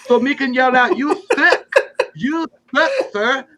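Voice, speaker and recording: A man's voice: extremely high pitch, measured pace, bright, forceful tone, voice pushed up, heavily acted. A man doing a goofy dim-witted character voice with broken English, like baby talk. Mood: heckling.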